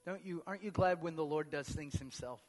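A male pastor preaching a sermon, swinging between booming emphatic proclamation and hushed, near-whispered lines. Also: a little fast. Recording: long reverb of a large hall.

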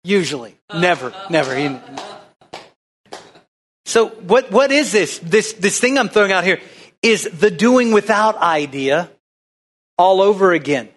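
Slow, high-voiced preacher man. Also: animated, fairly bright tone. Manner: conversational, folksy preaching with call-and-response. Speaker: pastor. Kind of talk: sermon.

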